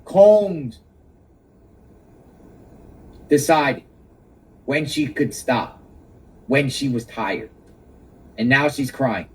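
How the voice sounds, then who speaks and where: A man's voice: medium pitch, slow, long pauses, fairly bright tone, husky, recorded from a distance, poor audio. A man giving emphatic live reaction commentary outdoors, exclaiming and repeating his key points.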